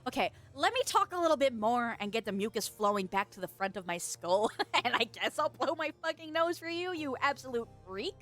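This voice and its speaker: A woman's voice: fairly high pitch, very animated, a little fast, few pauses, a bit bright, soft background music. A woman chatting casually on a live stream, reading chat, laughing often, swearing and teasing, with a stuffy nose, close to a desk microphone.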